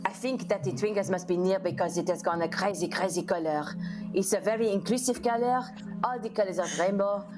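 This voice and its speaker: A woman's voice: mid-range voice, fairly quick, over music. A woman playing in a tabletop game, speaking in a playful, mock-grand way. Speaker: player. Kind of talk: in-character tabletop play.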